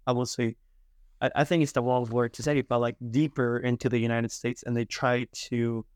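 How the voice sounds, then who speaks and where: A mid-pitched speaker talks bluntly and swears freely, packing in fillers. The recording is close and dry. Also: little pitch movement, brisk, darkish tone, clear, resonant tone, dry recording. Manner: blunt and profane, lots of fillers. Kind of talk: casual chat.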